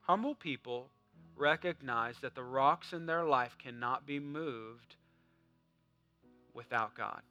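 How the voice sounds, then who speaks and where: A man preaching a sermon, swinging from loud fervent exhortation to a hushed, conversational story. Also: medium pitch, slow, pauses often, muffled recording, soft background music. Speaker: pastor.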